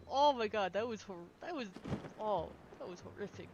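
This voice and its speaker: A woman streaming a video game, chatting casually and excitably, laughing often and trailing off mid-sentence, with a sniffly nose. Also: mid-range voice, normal speed, background noise. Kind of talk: casual gameplay stream chat. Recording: slightly dull lo-fi sound with faint game music.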